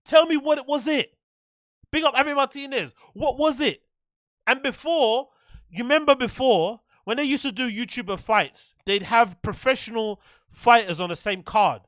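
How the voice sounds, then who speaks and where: A man's voice: very high-pitched, normal speed, a bit bright, no echo, clean studio sound. A man hosting a show, ranting in profane, exasperated bursts and repeating himself. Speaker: show host. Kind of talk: ranting commentary.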